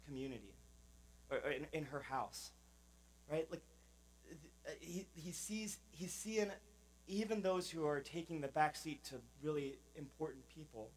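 A man's voice: fairly high pitch, rough recording. A man, a pastor, giving a sermon in a conversational, informal manner with many fillers.

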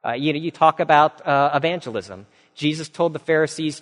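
A man's voice: on the high side, fairly quick, hardly any pauses, a bit bright. Man preaching in a reverberant hall. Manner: conversational, storytelling with humor and fillers. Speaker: pastor. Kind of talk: sermon. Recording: long reverb of a large hall.

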